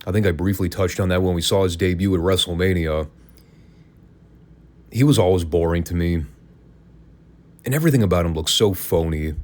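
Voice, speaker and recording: A man with a notably deep, low voice hosts a casual podcast review. He talks in an opinionated, sarcastic way, tossing in wry asides as he goes. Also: normal speed, pauses often, darkish tone. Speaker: podcast host. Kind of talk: casual wrestling review commentary.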